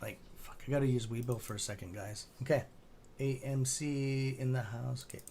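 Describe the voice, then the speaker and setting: A man's voice: mid-range voice, steady tone, normal speed, dark tone, slight background noise. A man hosting a casual live stock-trading stream, rambling and chatty with a sore throat, swearing now and then.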